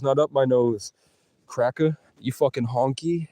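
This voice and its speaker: A man's voice: mid-range voice, fairly even intonation, normal speed, dark tone. Rambling man livestreaming from his car. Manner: rambling, profane, jumps between topics. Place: in and around a parked car, outdoors.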